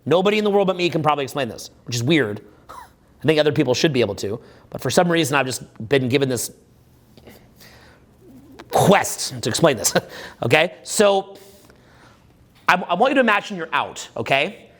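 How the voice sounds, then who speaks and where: A man in his forties, a dating coach, giving a live seminar talk from a stage in an animated, profane, conversational way that keeps checking in with "right?". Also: fairly high pitch, normal speed, pauses often.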